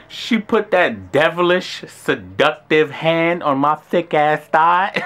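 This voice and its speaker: A young man with a New York accent tells a story with lots of slang and swearing. His voice sits high for a man, with a bright, forceful edge. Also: takes it slowly, hardly any pauses. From Brooklyn, New York. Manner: animated, slangy and profane. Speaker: vlogger. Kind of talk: casual storytelling.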